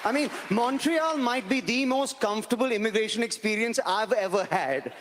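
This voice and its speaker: High-voiced Indian man doing stand-up. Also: lively intonation, normal speed, crowd noise. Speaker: stand-up comedian. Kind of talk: stand-up comedy set. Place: large live comedy venue. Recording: reverberant hall with live audience and noise.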